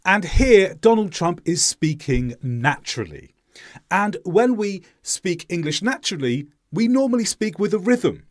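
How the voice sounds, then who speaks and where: A man teaching English pronunciation in a clear, deliberate explaining voice-over. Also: high voice, big pitch swings.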